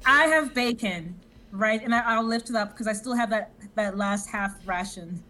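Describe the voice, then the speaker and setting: A woman's voice: mid-range voice, moderate pace, pushed and bright, a little hiss or hum. A woman playing her character in a tabletop game, playful and blustering in character. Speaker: player. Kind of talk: tabletop role-play.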